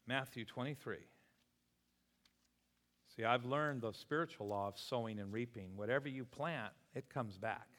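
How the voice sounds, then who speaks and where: Preaching man in a reverberant church. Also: medium pitch. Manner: animated storytelling preacher, voices people in anecdotes. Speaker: pastor. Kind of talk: sermon. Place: church sanctuary. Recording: long hall reverb.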